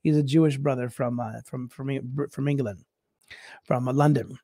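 A man telling a story in a casual talk-show chat, animated, acting out what his friends said and laughing along. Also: medium pitch, moderate pace, no room sound, clean studio sound. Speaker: missionary guest.

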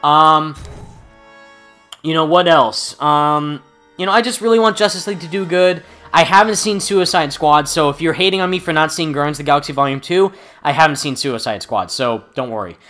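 A man's voice: fairly high pitch, moderate pace, bright, forceful tone. A young man hosting a gaming channel, chatting casually and rambling with lots of fillers and restarts, and he has the hiccups. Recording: music playing behind.

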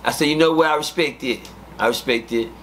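A man, an interview guest, telling prison stories in a profane, animated way and acting out the dialogue. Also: medium pitch, brisk, a little hiss or hum. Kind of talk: casual storytelling.

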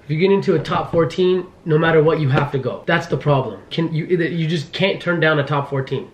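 A young man in his twenties talking fast as a vlogger, frantic and pleading with nervous laughs. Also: fairly high pitch, reverberant, slight background noise. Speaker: vlogger, law student. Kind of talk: casual vlog talk.

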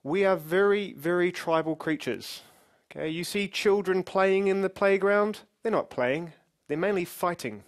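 A middle-aged man giving a conference keynote on stage as a company CEO, joking with the audience and leading it in games. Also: a little high. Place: large conference hall with audience.

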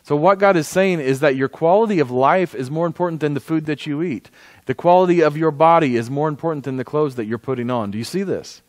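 A man's voice: on the high side, fast, no echo. A man preaching a conversational sermon as pastor, often asking the congregation for an amen. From United States.

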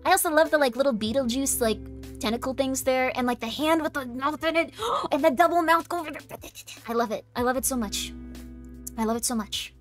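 A woman streamer rambles cheerfully to her live chat in a slightly high voice, giggling and making fun of herself between filler words. She speaks into a desk microphone. Faint music plays underneath. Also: a little fast. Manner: bubbly, giggly and self-deprecating, lots of "like". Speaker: VTuber streamer. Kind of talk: casual live-stream chat reading chat messages.

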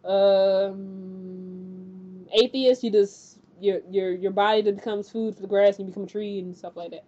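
A woman casually recapping a TV episode, talking in an animated, chatty way with lots of fillers and acted-out quotes. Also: mid-range voice, a little slow, muffled recording. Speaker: TV recap host.

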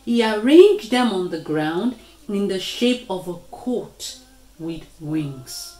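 A woman reading a children's story aloud in a slow, expressive way. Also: mid-range voice. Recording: echoey room.

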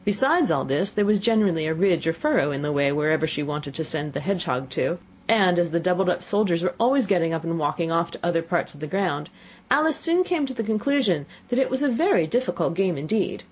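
Low, husky woman narrating expressively. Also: quick pace. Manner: expressive storytelling. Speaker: audiobook narrator. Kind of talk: scripted narration.

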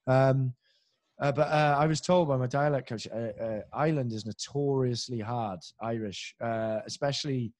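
Welsh male podcast host, chatty impressionist, animated storyteller, swears a lot. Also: medium pitch, normal speed, no room sound. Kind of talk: casual chat.

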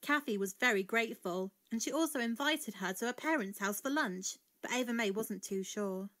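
A woman narrating a children's storybook in an expressive read-aloud style. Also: on the high side, moderate pace.

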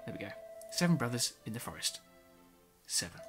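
A woman's voice: extremely low pitch, big pitch swings, fairly quick, over music. Woman casually reading in-game books. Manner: wry asides, mumbled self-talk. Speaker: gameplay video host.

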